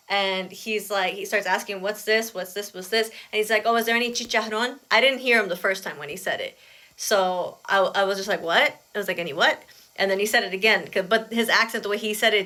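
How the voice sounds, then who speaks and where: Aggrieved woman vlogger, bright voice. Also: mid-range voice, a little fast. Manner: chatty, aggrieved retelling full of "I was like". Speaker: vlogger recounting an airport experience. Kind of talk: casual storytelling vlog.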